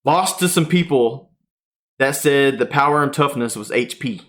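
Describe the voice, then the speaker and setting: A man's voice: medium pitch, moderate pace. A man, casually telling a tournament story on a podcast and acting out the quotes. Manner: animated storyteller, acts out quotes. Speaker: podcast host.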